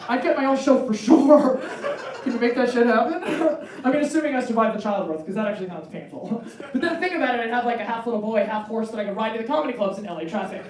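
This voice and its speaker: A woman in her forties doing a stand-up comedy set on a club stage, talking in an animated way and acting out bits in high, excited voices. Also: quick pace. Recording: roomy club sound from a distance with a loud crowd.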